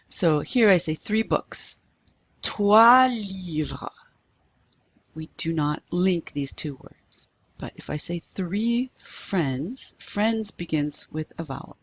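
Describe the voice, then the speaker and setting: A woman's voice: low-pitched, creaky, breathy edge. A woman teaching a recorded language lesson, carefully modeling pronunciation for learners to repeat. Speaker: French teacher.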